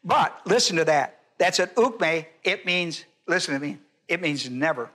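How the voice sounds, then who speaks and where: A man's voice: on the high side, animated, unhurried, a bit bright. Emphatic older man preaching a sermon. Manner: emphatic, repetitive, asks the congregation questions. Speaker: pastor. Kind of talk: expository Bible-teaching sermon.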